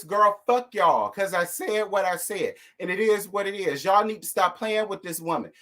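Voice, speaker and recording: A man's voice: high-pitched, a bit bright. A man, host of a casual live stream, ranting at his audience. He talks with sassy, blunt fire and swears freely. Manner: sassy, fired-up, blunt with cursing.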